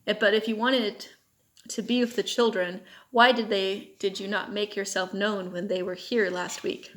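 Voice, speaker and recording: A woman's voice: medium pitch, fairly even intonation, moderate pace, lightly acted. A woman reading the lines of a stern middle-aged uncle who captains a fishing boat, severe and questioning.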